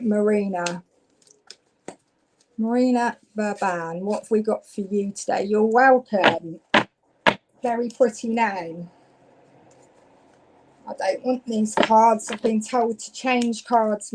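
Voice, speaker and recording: A woman's voice: mid-range voice, slow pace, long pauses, noisy background. A woman from Devon, giving chatty live psychic card readings and talking to viewers. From Devon, England. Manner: chatty, warm-hearted, gets louder when excited.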